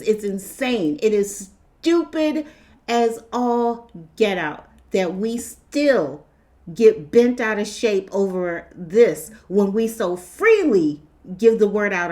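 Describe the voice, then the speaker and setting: Animated woman with a higher voice. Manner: animated, repeats herself, acts out quotes. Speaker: vlogger. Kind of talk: casual opinion monologue.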